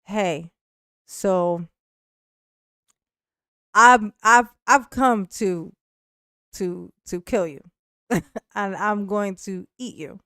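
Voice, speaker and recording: A woman doing a calm, sinister vampire-like man. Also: mid-range voice, smooth, no echo, clean studio sound, lightly acted. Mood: calm menace. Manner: slow, soft, eerily calm delivery.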